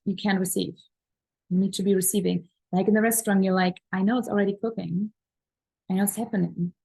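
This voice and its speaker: Heard on a rough recording, a woman with a medium-pitched, somewhat dark voice gives a spiritual teaching talk on manifestation. She is a coach who gushes about pleasure and gratitude, with earnest enthusiasm and emphatic, repeated affirmations.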